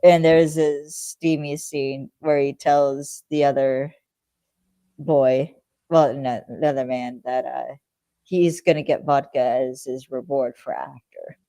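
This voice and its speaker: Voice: mid-range voice, fairly even intonation, takes it slowly, mellow, no echo. A podcast co-host recapping a TV episode in casual chat, rambling with lots of fillers and acting out the characters' lines.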